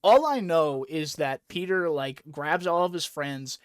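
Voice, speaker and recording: A man's voice: a little high, a little slow, smooth, no echo, clean studio sound. A young man casually recapping a comic book story, retelling it with lots of energy and acting out lines. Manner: animated retelling, acts out quotes casually. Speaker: podcast host.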